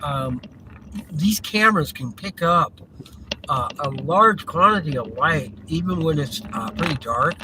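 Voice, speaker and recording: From inside a moving car, a man hosts a live driving vlog, rambling and chuckling as he thinks out loud. His voice is a little high and animated, his pace slightly slow, and road noise from the car runs in the background.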